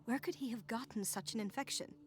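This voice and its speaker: A woman's voice: a little high, fast, close to an everyday voice. An actress playing a worried female nurse in video game dialogue, speaking in an anxious, questioning way. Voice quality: anxious and inquisitive.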